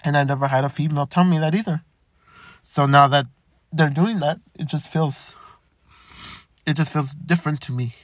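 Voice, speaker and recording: A young man talking candidly in a halting way, with many stammered restarts. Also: fairly high pitch, steady tone, dry recording, studio quality. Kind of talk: personal reflective monologue.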